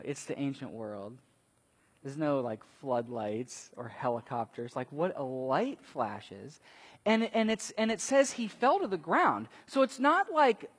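A man preaching a sermon, telling stories and acting out quotes with sudden loud bursts. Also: sits high, husky. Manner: animated storytelling, acts out quotes with big swings in loudness. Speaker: pastor. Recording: long reverb of a large hall.

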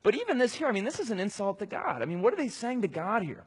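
Man, husky voice, slightly high pitch, casual rambling sermon, lots of fillers, long hall echo. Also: sing-song, quick pace. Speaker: preacher. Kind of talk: conversational sermon.

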